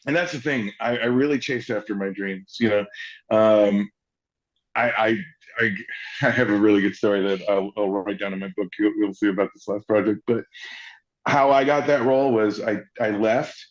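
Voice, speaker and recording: A male actor telling stories as an interview guest, rambling quickly and acting out quoted voices. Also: lowish voice, muffled recording. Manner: acts out quotes in lively voices, fast rambling. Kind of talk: animated storytelling.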